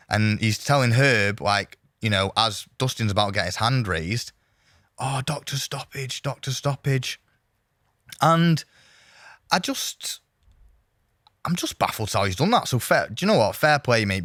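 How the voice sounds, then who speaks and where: A man's voice: on the low side, fairly bright tone, no room sound, studio quality. A man hosting a podcast, rambling casually through a fight recap with lots of "you know" and "mate". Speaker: podcast host.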